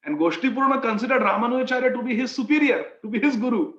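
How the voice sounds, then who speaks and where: A man preacher telling a story in a sermon, animated and fond of repeating phrases. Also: very high voice, rapid-fire. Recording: echoey, dull sound.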